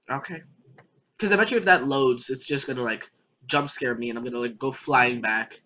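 A young adult gamer's let's play commentary is jokey and rambling, full of remarks aimed at the game itself. The voice is medium-pitched and sharp, a little fast, captured in dull lo-fi quality.

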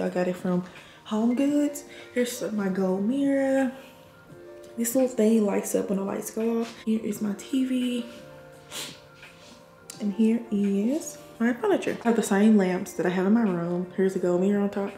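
In a relaxed home-tour vlog, a twenty-something nurse shows off her apartment and chats with viewers, addressing them as "y'all." She has a warm, mid-range voice, and the room sounds echoey with a little background noise.

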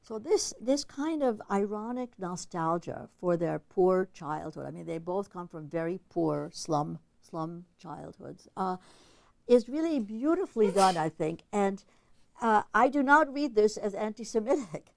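A woman's voice: mid-range voice, animated, a little slow, creaky, dry recording. A woman giving an academic literature lecture in an analytical, conversational way, thinking aloud as she goes.

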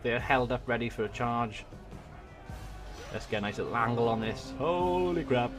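A man from Wales with a Welsh accent, giving excitable let's-play commentary on a strategy game into a desk microphone, swearing and muttering to himself as he plays. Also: mid-range voice, moderate pace, over music. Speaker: gaming YouTuber. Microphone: desk USB microphone.

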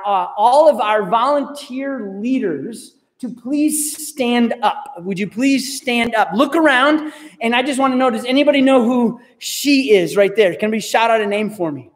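A man leading a student youth group, talking in a playful, upbeat way and calling out to the crowd in a large hall. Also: sits high. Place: large hall with a live audience.

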